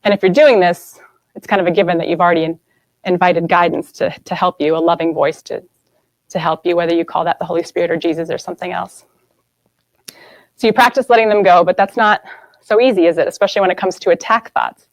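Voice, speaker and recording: A woman's voice: on the low side, fairly even intonation, fast, dry recording, low-quality recording. A woman in her thirties giving an earnest spiritual talk to a group, often checking in with the audience. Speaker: guest speaker.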